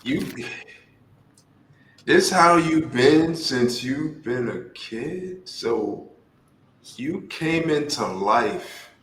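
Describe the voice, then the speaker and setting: Slow, low-voiced man in an echoey room. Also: lively intonation, fairly bright tone. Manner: thoughtful, restarts his sentences. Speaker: podcast co-host. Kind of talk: casual discussion.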